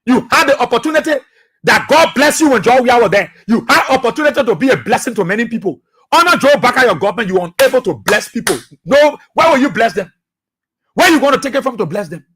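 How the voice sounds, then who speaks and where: A man with a Liberian English accent giving impassioned political commentary as a radio talk show host, repeating his points and sometimes shouting. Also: very high voice, breathy edge. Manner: impassioned, preachy, repeats phrases, shouts at times.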